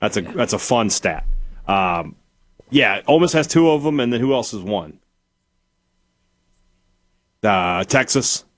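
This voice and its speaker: A man's voice: lowish voice, animated, unhurried, long pauses, a bit bright, dry recording, clean studio sound. A man co-hosting a casual sports talk radio show, thinking aloud as he talks.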